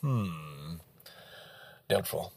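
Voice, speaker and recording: Man in his sixties, husky, animated delivery with big pitch swings, casual ranting vlogger, dry sound. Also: drawn-out words, no echo. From Canada. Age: 60s. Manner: profane, ranting, swings between loud outbursts and low mutters. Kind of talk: casual rambling monologue. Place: outdoors in a park.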